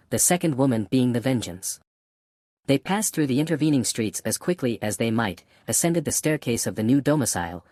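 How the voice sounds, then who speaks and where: A man reading a classic novel aloud as an audiobook narrator, in a steady, even manner. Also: mid-range voice, dry recording, studio quality. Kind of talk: scripted narration.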